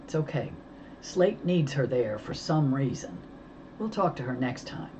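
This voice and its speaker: A woman voicing a steady male police detective who speaks calm and businesslike. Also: rumbling low, measured pace, dull audio, noisy background.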